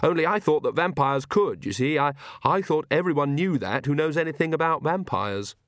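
A man's voice: fairly high pitch, lively intonation, moderate pace, fairly bright tone, dry recording, pitched above the performer's own voice. A timid young man who stammers and hesitates over his words, voiced by a male reader. The sound is close and dry. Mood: nervous.

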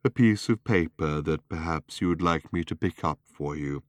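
A man voicing an ancient, rusty, self-pitying male robot who groans slowly with a hollow rattle. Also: very deep voice, no echo, clean studio sound. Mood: mournful. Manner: slow, groaning, mournful.

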